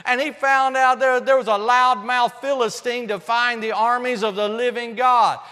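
A man preaching a sermon with passion, swinging between shouted praise and hushed appeals, with folksy, humorous asides. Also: very high voice, fairly even intonation, moderate pace, long reverb tail.

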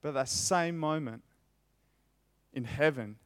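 A man preaching a sermon, reading scripture aloud and repeating phrases with rising, emphatic force. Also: on the high side. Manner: impassioned, rising loud on repeated phrases, slow emphatic delivery.

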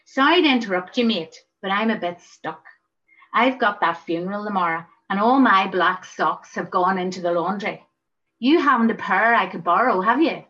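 A woman voicing a cheerful young man with a Belfast accent, talking breezily and a little louder. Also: mid-range voice, normal speed, lo-fi sound, natural voice. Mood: breezy.

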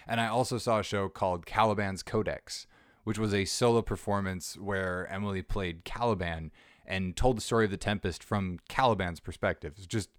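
A man's voice: low-pitched, a bit bright, clean tone, dry recording, clean studio sound. A man hosting a podcast, chatting casually and rambling with fillers and restarts. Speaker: podcast host. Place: small black box theater backstage. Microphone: portable recorder.

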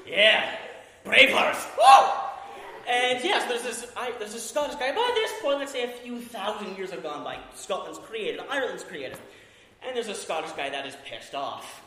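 Young man, high lively voice, rambling comic storyteller, live audience, echoey hall with faint noise. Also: normal speed. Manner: rambling, animated, laughing as he talks. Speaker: performer. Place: coffee house event hall.

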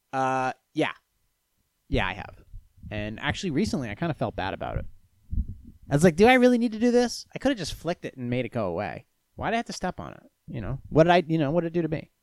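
A man from Florida, USA, talks casually with his stream, telling stories and responding to chat questions in a rambling, profane manner. His pitch and volume swing lively. The sound is clean studio audio with no echo.

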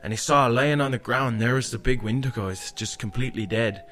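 With a medium-pitched, slightly bright voice and a brisk pace, a male guest storyteller rambles through a spooky story. He keeps tacking "eh" and "like" onto his lines while soft music plays behind him.

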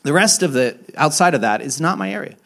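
Speaking fast and expressively in a creaky voice, a young adult man delivers a sermon as a pastor. His storytelling is frank and pokes fun at himself, with frequent false starts, and he alternates between loud, emphatic peaks and hushed, low remarks.

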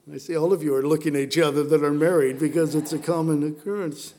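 A man preaching to a congregation. His voice sits high for a man, and his delivery is animated and conversational, full of playful asides. He sounds middle-aged. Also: quick pace. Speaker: pastor. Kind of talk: sermon.

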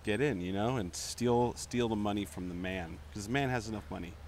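A man's voice: on the low side, a little fast, darkish tone. A man co-hosting a casual walking podcast, joking and pushing playful conspiracy talk. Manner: joking, pushes conspiracy bits. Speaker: podcast co-host. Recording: faint street noise.

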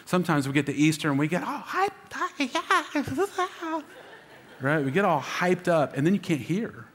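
A man's voice: on the high side, moderate pace, slight background noise. Guy pastor preaching easter sermon, pumped up, gets the crowd answering back, big echoey church. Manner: energetic, calls for congregation responses. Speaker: lead pastor. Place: large church auditorium. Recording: long hall reverb.

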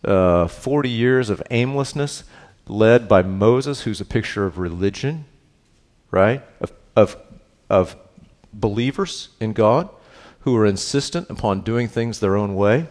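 It's a conversational sermon from a pastor running a Bible study: he questions his listeners, checks in often with "right?", and swings from hushed, earnest moments to animated ones.

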